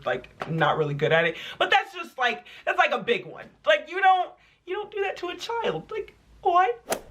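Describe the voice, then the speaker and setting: A young adult vlogger telling childhood stories in casual, animated chat, full of "like". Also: medium pitch, slight background noise. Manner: animated, filler-heavy with frequent "like". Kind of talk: casual storytelling to camera.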